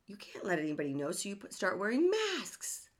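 A woman's voice: mid-range voice, wildly swooping pitch, brisk. A woman hosting a self-help podcast, speaking earnestly and emphatically and often asking rhetorical questions. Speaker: podcast host.

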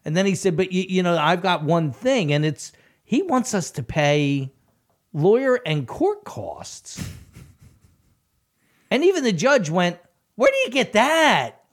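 A man's voice: high voice, unhurried, pauses often. A man co-hosting a local news podcast, telling stories in casual banter and acting out the people in them. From United States. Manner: animated storyteller, acts out courtroom quotes.

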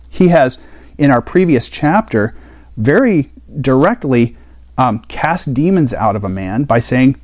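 A man's voice: medium pitch, expressive, slow pace, a little mellow. Male Bible teacher, mid-range voice, casual explanatory delivery with rhetorical questions.

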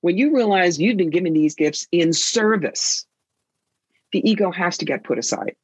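A woman's voice: lowish voice, moderate pace, husky, no room sound. A woman psychic and author telling stories in an interview, with a sassy, theatrical manner. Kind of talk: interview conversation.

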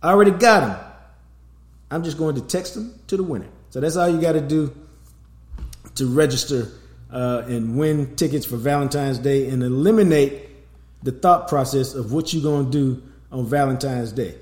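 A middle-aged man hosts a sports podcast in an easy, street-smart manner. His voice sits at a middle pitch, and the room adds a noticeable echo. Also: normal speed, darkish tone. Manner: loose, streetwise banter with promo plugs. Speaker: podcast host. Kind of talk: casual sports podcast chat. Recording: roomy echo.

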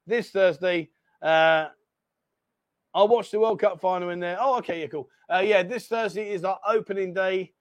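A man's voice: high-pitched, moderate pace, no room sound. A man hosting a casual livestream from a bar, chatty and apologetic, bantering with his co-host.

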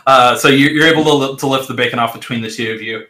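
Bright-voiced man running a tabletop game. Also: mid-range voice. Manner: descriptive, halting with fillers. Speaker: game master. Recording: roomy echo.

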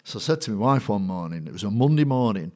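A man's voice: lowish voice, fast. A middle-aged man with a Mancunian accent tells stories from his career as a matchday compere, acting out the people he meets along the way. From Manchester, England. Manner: lively raconteur who acts out the people in his stories. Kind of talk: anecdotal storytelling in a conversation.

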